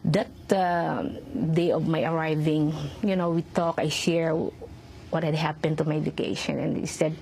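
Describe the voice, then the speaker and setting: A middle-aged woman giving emotional personal testimony in an interview, speaking haltingly, repeating words and acting out quoted lines. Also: low voice, flat delivery, creaky, darkish tone, a little hiss or hum. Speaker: interview guest.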